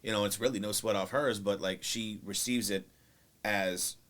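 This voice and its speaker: A man's voice: fairly low pitch, steady tone, normal speed, fairly bright tone. A man co-hosting a casual couples podcast, rambling with lots of fillers and teasing his partner playfully. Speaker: podcast co-host.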